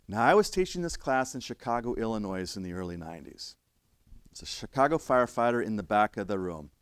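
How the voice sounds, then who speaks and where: An older man, an instructor, telling a story in a lecture, emphatic and restarting his sentences, now loud, now quiet. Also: on the low side, big pitch swings, fairly quick, smooth, dry recording. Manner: emphatic, with frequent restarts and swings in loudness. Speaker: fire service instructor.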